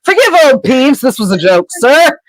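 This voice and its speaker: A woman voicing a mischievous male poltergeist, fawning and apologetic in a higher sing-song voice. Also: sing-song, moderate pace, no room sound. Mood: groveling.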